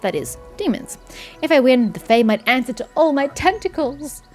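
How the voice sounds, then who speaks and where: A woman's voice: sits high, lively intonation, moderate pace, faint music behind, voice pushed up. A woman voicing an earnest, stiffly formal male knight with courtly speech.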